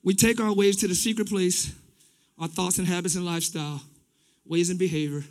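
A man preaching a lively sermon, shouting one moment and dropping low the next, acting out little scenes with his congregation. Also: a little fast. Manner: swings between shouting and dropping to a low confiding voice. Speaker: pastor.

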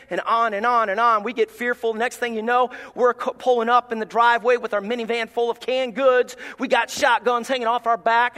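Preacher guy, high bright voice, folksy and joking, reverb from a big church hall. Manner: folksy, animated, joking with the congregation. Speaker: associate pastor. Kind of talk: sermon. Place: church sanctuary.

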